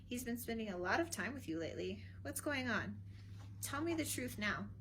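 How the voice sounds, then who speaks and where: A woman's voice: fairly high pitch, very animated, moderate pace, fairly bright tone, a little hiss or hum. Woman reading as a stern old dad, preachy and commanding, storybook. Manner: lecturing, commanding. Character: stern, meddling old father, a royal adviser.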